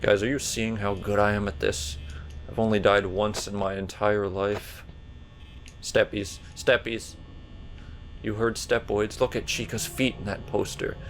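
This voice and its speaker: A man doing casual gameplay commentary, rambling and jokey, a bit burpy as he talks, jumping to loud high yelps when startled. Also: little pitch movement, normal speed, faint music behind. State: burpy while talking. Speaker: let's player.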